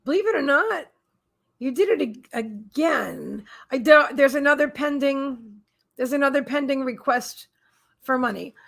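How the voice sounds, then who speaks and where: A woman hosting a psychic reading live stream in a casual chat. Her voice sits a little high and has a gravelly fry. She gushes and repeats her thanks and greetings, trailing into restarts and fillers. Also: a bit bright. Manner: halting restarts and many fillers.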